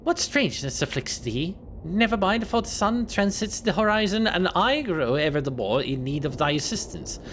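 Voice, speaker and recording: A man's voice: sits high, big pitch swings, moderate pace, few pauses, a bit bright, a little hiss or hum, voice pushed up. A man voicing a stern, old-fashioned landlord who speaks in archaic, formal phrases.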